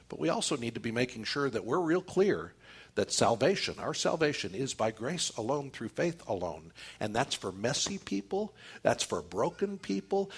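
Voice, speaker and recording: A man's voice: medium pitch, slightly rough. A man preaching a sermon as pastor, emphatic and full of rhetorical questions to his congregation.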